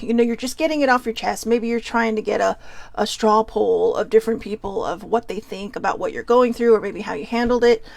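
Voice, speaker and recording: A chatty middle-aged woman hosts her own show, reading cards aloud and riffing on them. Her voice sits a little high with a gravelly, fried edge. She swears casually and laughs easily. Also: dry recording, poor audio. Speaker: host. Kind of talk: casual card-reading chat.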